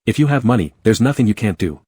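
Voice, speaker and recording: A man's voice: on the low side, lively intonation, fast talker, dark tone, husky, no room sound, clean studio sound. A man voicing a worried, protective young man in a comic story, speaking earnestly and reassuringly.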